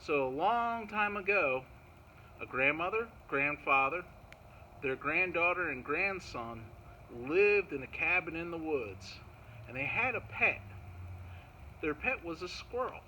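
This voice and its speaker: A man telling a folk tale to children in an animated way, chanting little sound effects as he goes. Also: on the high side, measured pace, a little hiss or hum, poor audio. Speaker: park storyteller. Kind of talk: storytelling for children.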